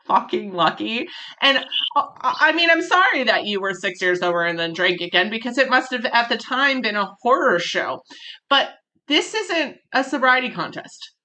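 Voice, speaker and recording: A woman hosting a podcast in casual chat, candid and animated, swearing freely and laughing often. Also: fairly high pitch, moderate pace. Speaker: podcast host.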